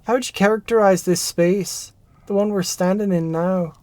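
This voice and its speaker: A performer reading a narrative game aloud, voicing an excitable former research assistant who rambles and restarts mid-thought. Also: mid-range voice, moderate pace, dry recording, lightly acted. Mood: eager. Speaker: game character voice.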